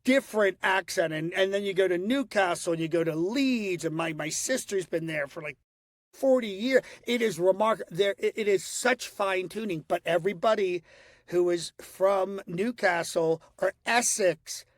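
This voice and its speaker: Nasal Philadelphia man, high-pitched, animated. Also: no room sound, clean studio sound. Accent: Philadelphia, with Northeast US nasality. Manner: animated, slips into quick voices and quotes, many restarts. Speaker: guest, voice impressionist. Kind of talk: casual interview talk.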